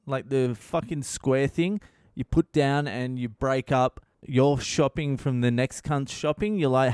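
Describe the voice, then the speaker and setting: A man's voice: medium pitch, clean tone, no echo, studio quality. A middle-aged man, a comedian hosting his podcast, telling a story with lots of swearing and acting out the people in it. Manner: animated, swears constantly, acts out quotes. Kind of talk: casual profane storytelling.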